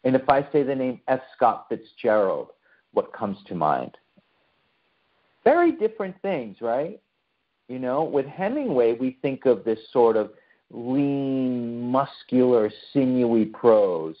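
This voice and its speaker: A man's voice: mid-range voice, sing-song, slow pace, muffled recording. A man from the United States giving a conversational online talk to a remote audience, often posing questions to his listeners. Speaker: lecturer.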